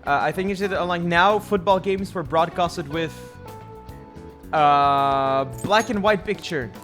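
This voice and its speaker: Young guy streamer rambling and swearing over his game, high-ish voice, faint music behind. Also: a little slow, a bit bright. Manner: rambling, profane, self-mocking. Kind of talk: casual gameplay commentary.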